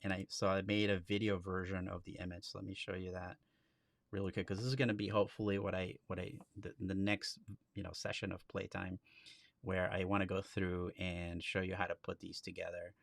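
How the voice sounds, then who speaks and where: Male instructor, low voice, casual live-stream demo host, loose and chatty. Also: level tone, a little fast, creaky, no room sound, clean studio sound. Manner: chatty, with frequent restarts. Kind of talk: casual software demo walkthrough.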